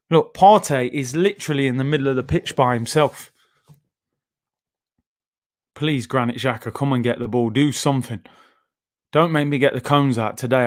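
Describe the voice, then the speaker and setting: A man, hosting a live football watchalong with frustrated, animated outbursts at the play. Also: high voice. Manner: frustrated, animated fan reactions, loud outbursts. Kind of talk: live match watchalong reaction.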